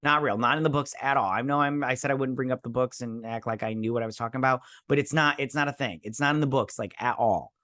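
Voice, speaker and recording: A man's voice: medium pitch, quick pace, few pauses, bright, forceful tone, no room sound, clean studio sound. A man hosting a casual video review, ranting bluntly and scornfully, swearing, stumbling over restarts and fillers. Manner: frequent restarts and filler stammers. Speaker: show host.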